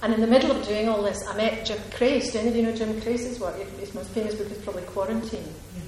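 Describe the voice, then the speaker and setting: Talkative woman novelist at a reading, digressive and emphatic, mid-pitched, very roomy hall sound. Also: fast talker, darkish tone. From Ayrshire, Scotland. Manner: chatty, digressive, laughs often, emphatic. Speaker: author at a reading. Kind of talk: audience Q&A answer. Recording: echoey hall with faint noise.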